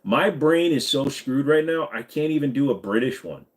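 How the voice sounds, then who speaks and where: A man's voice: mid-range voice, expressive, moderate pace. Rambling, joking man chatting with a live stream. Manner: rambling, joking and profane, reading out chat. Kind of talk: casual live stream chat with viewers.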